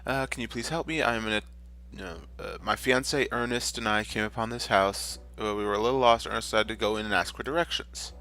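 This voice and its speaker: A man's voice: fairly low pitch, a little fast, few pauses, sharp tone. A man reading out the lines of a worried young woman looking for her lost fiancé, in his own plain voice.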